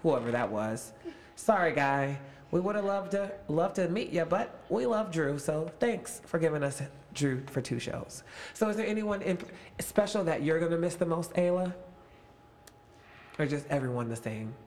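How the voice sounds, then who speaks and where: A man's voice: a little high, animated, moderate pace, a little mellow. A man in his late twenties, an actor, chatting with young castmates in a casual, upbeat, playful interview.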